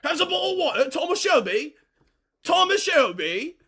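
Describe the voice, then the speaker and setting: A man putting on a shrill mock British bloke. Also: very animated, moderate pace, pushed and bright, full character voice. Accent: put-on British.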